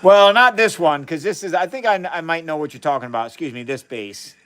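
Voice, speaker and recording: A man's voice: on the high side, fairly quick, a bit bright. A man on a live science stream, chatting casually as he runs experiments in a chemistry lab and greets viewers by name.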